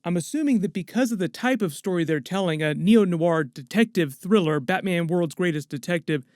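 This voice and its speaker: A man's voice: high-pitched, a little fast, a little mellow, no echo, clean studio sound. A man hosting an online movie news show, breaking down rumors in a chatty, enthusiastic way. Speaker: host of a movie news channel.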